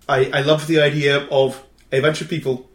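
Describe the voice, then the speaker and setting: A man's voice: fairly high pitch, fairly even intonation, unhurried. A man with a New Zealand accent hosting a casual podcast chat, reading out listener ideas with a wry, dry humour. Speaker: podcast host. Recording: roomy echo.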